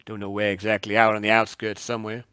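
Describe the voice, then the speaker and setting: A man voicing a gruff middle-aged barman with a drawling, folksy way of talking. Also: lowish voice, completely flat delivery, fast, bright, forceful tone, dry recording, studio quality. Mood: gossipy.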